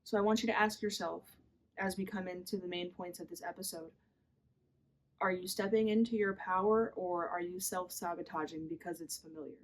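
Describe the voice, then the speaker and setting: A woman's voice: fairly low pitch, fairly even intonation, brisk. A young adult woman hosting a podcast, talking candidly and a little rambly about her own life in a confessional monologue, often saying "like" and "literally.". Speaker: podcast host.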